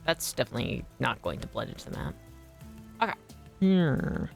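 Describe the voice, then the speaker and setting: Chatty low-voiced woman streaming a game. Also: animated, normal speed, gravelly, a little mellow. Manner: chatty, rambling, swears casually. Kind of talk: casual gaming stream chat. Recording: faint background music.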